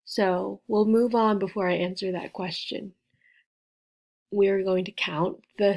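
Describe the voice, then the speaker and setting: A woman leads a beginner English lesson at a deliberately unhurried pace. She spells words letter by letter and repeats them with careful, exaggerated clarity, in a voice of ordinary middle pitch. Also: steady tone, a little mellow. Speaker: English teacher.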